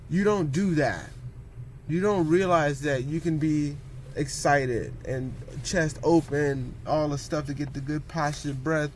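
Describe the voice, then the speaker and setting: A man rambles through a loose talk on meditation and posture, tossing in "you know what I'm saying" again and again. He slips into quick voices for what people say, and his voice sits a bit high for a man. A faint hum of the room stays behind him. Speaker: vlogger.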